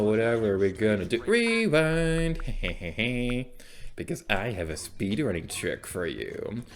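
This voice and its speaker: In this casual gameplay commentary, a young man with a lowish, creaky voice plays through a let's play. He rambles and chats, pokes fun at himself, and now and then bursts out loudly without warning.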